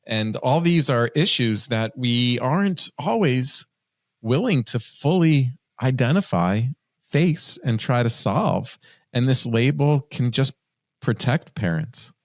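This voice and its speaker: Man, podcast host, thoughtful, measured, mid pitch, dry close mic. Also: lively intonation, dry recording. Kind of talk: casual podcast conversation.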